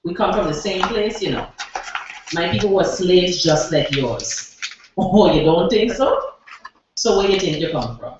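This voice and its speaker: A woman with a Virgin Islands accent performing her own spoken word poem, addressing the listener forcefully at a cafe open mic. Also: lowish voice, animated, measured pace. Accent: Virgin Islands Creole English. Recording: echoey room, distant lo-fi mic, noise.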